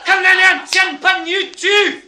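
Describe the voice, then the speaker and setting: A man's voice: very high-pitched, level tone, normal speed, echoey room, a crowd in the background, pitched above the performer's own voice. A man voicing a furious Scottish male prisoner who bellows and rages in a Scottish accent. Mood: raging shout. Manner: bellowing, raging. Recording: loud noisy live recording.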